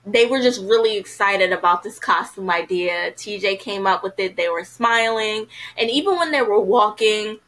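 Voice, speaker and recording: Bright-voiced woman reviewing a show. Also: mid-range voice, poor audio. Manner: chatty, frank, heavy use of "you know" fillers. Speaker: TV episode reviewer. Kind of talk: casual spoken review.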